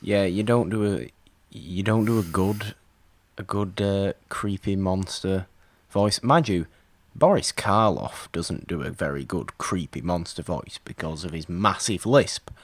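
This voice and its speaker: Man, podcast co-host, dry teasing manner, very low voice, dead dry sound. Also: measured pace, no echo. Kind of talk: casual movie podcast chat.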